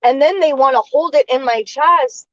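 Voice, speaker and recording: A woman vlogs a casual monologue, airing her grievances in an indignant rant that halts and starts again with pauses. Her voice sits high, and the recording is muffled with no echo.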